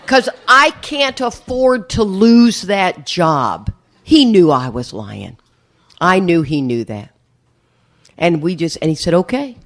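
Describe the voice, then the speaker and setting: A woman's voice: fairly low pitch, takes it slowly. A middle-aged woman speaking at a recovery meeting, telling a story with laughter and acted-out voices. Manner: lively, laughing, acts out voices in her story. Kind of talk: storytelling talk to an audience.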